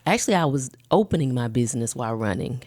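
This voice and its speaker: A woman co-hosting a podcast, chatting casually, animated and quick to affirm and laugh. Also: a bass voice. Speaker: podcast co-host. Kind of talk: casual chat.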